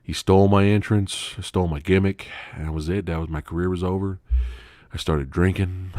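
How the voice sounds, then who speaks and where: Hosting a casual live stream, this man tells stories in a deep voice at normal speed. His storytelling is animated and profane, packed with swearing and frequent laughter.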